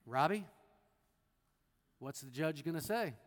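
A man's voice: a little high, expressive, takes it slowly. A man preaching a sermon in a conversational teaching manner, with wry asides and questions to listeners by name. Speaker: pastor. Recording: long hall reverb.

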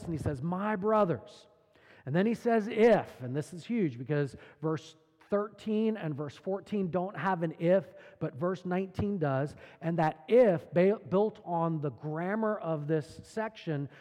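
Earnest preaching man, slightly high voice. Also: darkish tone, big-room sound. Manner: earnest, emphatic preaching with rhetorical questions. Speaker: pastor. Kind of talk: sermon.

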